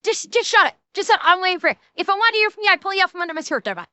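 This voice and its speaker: A woman's voice: sits high, expressive, fairly quick, bright, forceful tone, no room sound. A woman voicing a brash, scolding Newfoundland woman with a thick accent and a mocking, sing-song delivery, as part of a streamer reaction rant. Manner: mocking, sing-song, heavy dialect slang.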